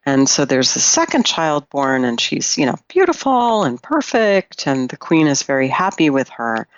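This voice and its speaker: A woman's voice: low voice, sing-song, moderate pace, no room sound, lo-fi sound. A woman guest on a podcast, a Jungian analyst, retelling a fairy tale in a thoughtful way with frequent fillers.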